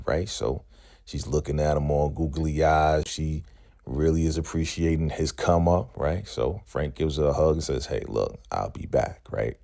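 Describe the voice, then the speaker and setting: A man's voice: rumbling low, normal speed, gravelly. A man casually recapping a TV episode, retelling scenes and acting out the characters' lines, often checking in with "right?". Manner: relaxed storytelling, acts out characters' lines, frequent "right?". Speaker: recap show host.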